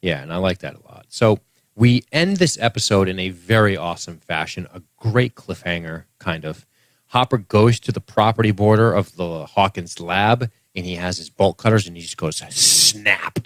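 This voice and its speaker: A man co-hosting a podcast in casual chat, upbeat and teasing, quick to agree. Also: sits low, lively intonation, dry recording. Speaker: podcast co-host.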